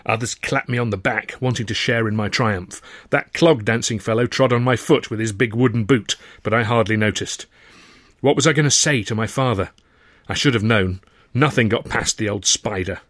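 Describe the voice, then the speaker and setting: A man's voice: on the low side, moderate pace, fairly bright tone, no room sound. A man reading his own novel aloud, narrating with dry, wry timing and acting the dialogue. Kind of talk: audiobook narration.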